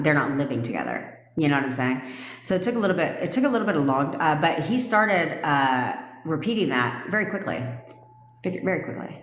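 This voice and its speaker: A low-voiced woman talks casually to her livestream viewers as their coach. She is blunt and swears freely, laughing often. Her voice rings in an echoey room with a long reverb tail. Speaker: manifestation coach.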